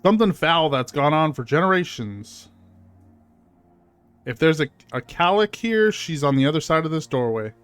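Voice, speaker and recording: A man's voice: a little high, animated, moderate pace, fairly bright tone, clean tone, soft background music. A man streaming a video game, chatting casually with fillers and reading the game's text aloud. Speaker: gaming streamer. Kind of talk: casual let's-play commentary.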